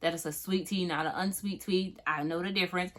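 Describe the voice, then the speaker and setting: A young Southern woman from Florida talks her way through a casual fragrance review, emphatic and chatty, with many fillers. Her voice sits a little low but sounds bright and forward. She keeps checking in with the listener as she goes. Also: steady tone, a little fast. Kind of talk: casual product review vlog.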